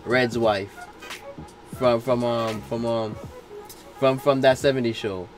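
A man's voice: medium pitch, fairly even intonation, takes it slowly, soft background music. A man co-hosting a reaction video, chatting casually with slangy asides and frequent laughter.

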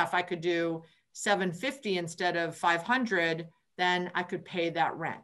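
Chatty woman host, bright and quick to retell stories. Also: medium pitch. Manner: chatty, retells conversations with restarts. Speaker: book club host. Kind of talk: casual group call discussion.

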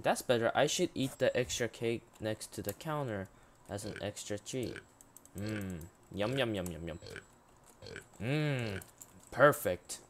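A man hosting a game let's play, chatting and reading the on-screen text aloud, halting with frequent ums. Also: on the low side. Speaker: gaming channel host.

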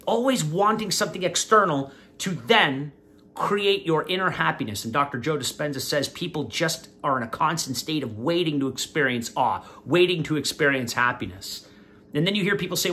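A man hosting his own channel, casually commenting on an interview and speaking directly to his viewers in a preachy, animated way. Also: a little high, normal speed. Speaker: vlogger, channel host.

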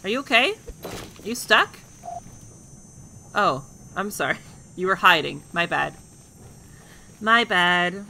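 A woman streamer chatting casually and excitably while playing a game, talking to the characters on screen. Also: on the low side, unhurried, creaky, long pauses, a little hiss or hum, low-quality recording. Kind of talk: casual playthrough commentary.

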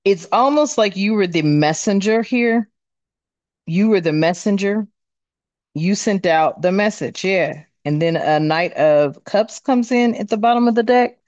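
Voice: medium pitch, a little slow, darkish tone, dry recording, highs cut off. A tarot reader giving a casual card reading, talking bluntly with plenty of swearing and rambling fillers.

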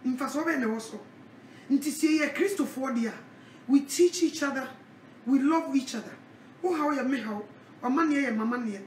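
A woman preaching a sermon, animated, with a repeated call-out refrain. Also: high-pitched, moderate pace, pauses often, far from the mic, slight background noise. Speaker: evangelist. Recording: echoey, from off the mic.

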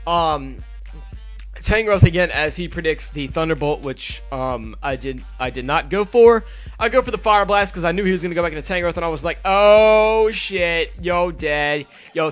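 A young man casually narrating his game battle over a home mic, excitable and swearing freely. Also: high-pitched. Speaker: gaming video narrator. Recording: faint music underneath.

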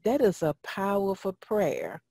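This radio host's medium-pitched voice is gravelly and mellow with a breathy edge, swinging widely in pitch at an unhurried pace. In a dry recording, she teaches on prayer, speaking directly to listeners and repeating phrases for emphasis.

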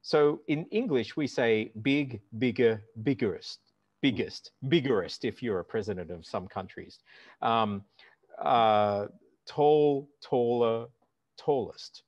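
A man's voice: medium pitch, takes it slowly, dry recording. Middle-aged man teaching on a dull call line. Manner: animated and instructive, demonstrates words aloud. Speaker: language teacher and guest. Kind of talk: explanatory conversation.

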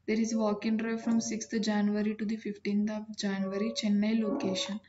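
A woman, hosting a channel and reading out job listings in a plain, businesslike way with frequent pauses. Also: medium pitch, monotone, dull audio, noisy background.

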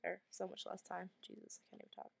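A woman giving let's play commentary while sick and coughing, jumpy and anxious, swearing often and dropping to whispers in tense moments. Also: fast. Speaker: gamer streamer.

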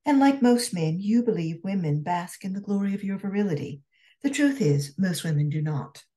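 A woman voicing a witty young Scotswoman corset maker, frank and dryly teasing, a little higher than her narration. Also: expressive, normal speed, mellow, close to an everyday voice.

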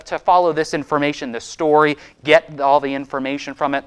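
A man's voice: on the high side, little pitch movement, fairly quick, smooth. A young man from Maine hosting his own program, delivering impassioned political commentary with insistent, repeated emphasis. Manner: fired-up, insistent, repetitive emphasis. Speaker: host and state legislator.

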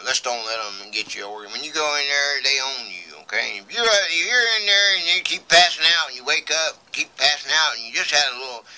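Man, middle-aged, drawling vlogger; piercing bright tone, rambles and accuses. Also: mid-range voice, rough recording. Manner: mutters quietly while reading paperwork. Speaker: video blogger. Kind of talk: rambling monologue to camera.

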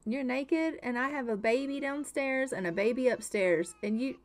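Brief: young woman, higher voice, dramatic exasperated game commentary. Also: moderate pace. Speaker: let's play host.

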